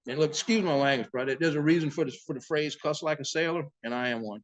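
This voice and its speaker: A man's voice: a little high, fast talker, dull audio, a little hiss or hum. Salty man telling sea stories. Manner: profane, animated sea-story telling. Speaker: boat captain and interview guest. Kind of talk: casual storytelling.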